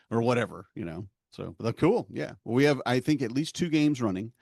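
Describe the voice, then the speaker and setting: A man co-hosting a podcast who runs tabletop games, talking in a relaxed, rambling and self-deprecating way. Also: mid-range voice, brisk, vocal fry, dry recording, studio quality. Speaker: podcast co-host and game master. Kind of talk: casual podcast chat.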